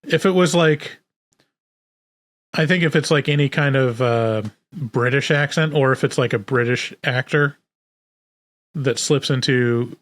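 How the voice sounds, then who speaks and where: A man co-hosting a podcast, thinking aloud in a relaxed, casual chat about movies. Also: medium pitch, a little slow, long pauses, dry recording. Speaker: podcast co-host.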